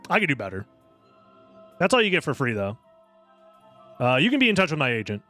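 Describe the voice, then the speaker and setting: Lively jokey male game commentator. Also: medium pitch, quick pace, pauses often, faint music behind. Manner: excitable, rambling and jokey. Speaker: streamer and tournament commentator.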